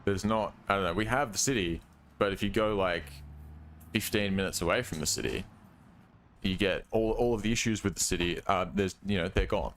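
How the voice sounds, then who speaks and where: A man's voice: low-pitched, brisk, fairly bright tone. A young man from Western Australia with a working-class Australian accent, chatting casually and rambling while streaming a driving game. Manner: rambling, hesitant, trails off with "I don't know". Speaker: gaming streamer. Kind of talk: casual gameplay chat.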